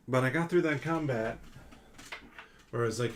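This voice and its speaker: A man's voice: mid-range voice, moderate pace, pauses often, a little hiss or hum. A man hosting a solo board game playthrough, thinking aloud and counting out damage and cards. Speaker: board game channel host.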